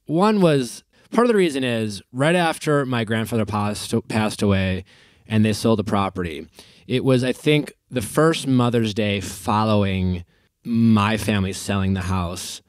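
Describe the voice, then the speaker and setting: A man in his forties hosting a podcast from a hotel room, telling a personal story in an easygoing, halting way with frequent restarts. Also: lowish voice, expressive, no echo, clean studio sound. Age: 40s. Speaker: podcast host. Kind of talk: casual podcast chat.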